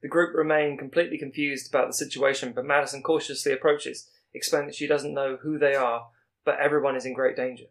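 A man reading out a scripted plot pitch as a podcast co-host, with small slips as he goes. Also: flat delivery. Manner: brisk storytelling read with small slips.

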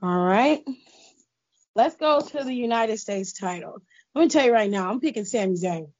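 A woman co-hosting a podcast in casual chat, moving the show along in a lively way. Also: on the high side, moderate pace, highs cut off. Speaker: podcast co-host.

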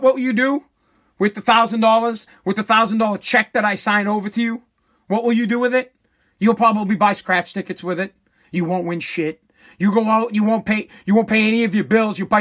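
A man's voice: sits high, steady tone, fairly quick, a bit bright. A man ranting in a profane, sarcastic, indignant way. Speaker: ranter. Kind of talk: profane comedic rant.

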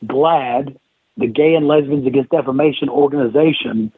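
Husky man telling stories over a tinny line. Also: medium pitch, normal speed, no room sound. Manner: animated anecdote-telling, acts out others' lines. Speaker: podcast guest, former wrestler. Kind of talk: casual storytelling interview. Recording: tinny phone-like line, dry.

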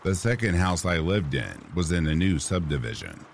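A man with an extremely deep, low voice reads true ghost stories in a slow, soothing bedtime manner. A faint hiss sits under his voice. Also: big pitch swings, vocal fry. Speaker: horror story narrator. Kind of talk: calm sleep-story narration. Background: rain sounds.

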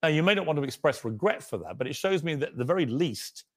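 Measured, probing male interviewer. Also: on the high side, lively intonation, husky, no room sound, clean studio sound.

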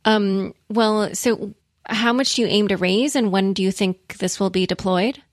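A woman's voice: medium pitch, fairly even intonation, measured pace, no echo, studio quality. A woman hosting an interview, who laughs easily and teases her guest. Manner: laughs easily, playful teasing. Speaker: interview host. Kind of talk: casual interview.

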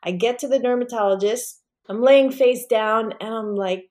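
A woman speaking as a podcast guest, recounting a personal story in a lively way and acting out the voices of the people in it. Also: on the high side, moderate pace, hardly any pauses. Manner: animated, acts out quoted voices.

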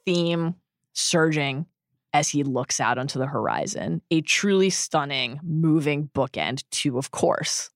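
A woman's voice: sits low, animated, unhurried, no room sound, clean studio sound. A woman co-hosting a film podcast, retelling scenes in an effusive, emotional and dramatic way. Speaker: podcast co-host. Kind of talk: enthusiastic film-recap podcast chat.

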